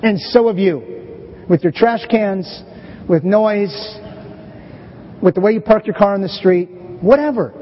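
A middle-aged pastor preaching a conversational, animated sermon to his church. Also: sits high, a little slow, pauses often, slightly rough. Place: church sanctuary. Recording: dull, hazy recording with long church reverb.

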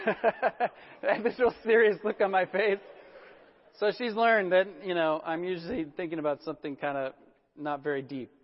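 A middle-aged man preaches in a loose, chatty way, with self-deprecating asides and plenty of fillers. His voice sits fairly high for a man. The sound is muffled and rings with the long reverb of a church hall. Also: moderate pace, long pauses, some chatter behind. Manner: relaxed, self-deprecating storytelling with many fillers. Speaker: pastor. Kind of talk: conversational sermon.

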